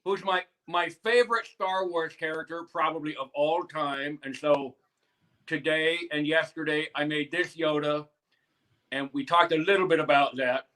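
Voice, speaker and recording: A man from the Midwestern United States talks as a guest on a playful live stream. He keeps a mock-earnest, straight-faced delivery in a slightly high voice. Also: fairly even intonation, normal speed, pushed and bright, rough recording.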